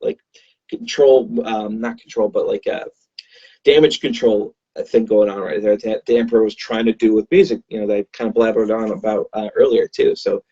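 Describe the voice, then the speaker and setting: A man's voice: lowish voice, steady tone, brisk, mellow, breathy edge. A man chatting casually as a podcast guest, rambling with lots of fillers. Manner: rambling, many fillers and restarts. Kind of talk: casual chat. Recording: dull lo-fi recording.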